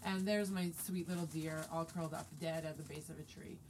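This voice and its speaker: A woman in her forties telling a story casually and lively, acting out quoted dialogue. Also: low-pitched, a little fast, background noise. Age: 40s. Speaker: guest telling a hunting story.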